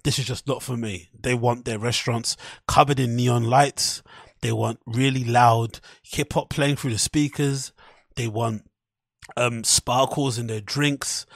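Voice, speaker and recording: Man, podcast host, casual rambling, profane, laughs often, husky voice, dry close recording. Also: mid-range voice, no echo. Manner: loose and profane, with frequent fillers and amused laughter.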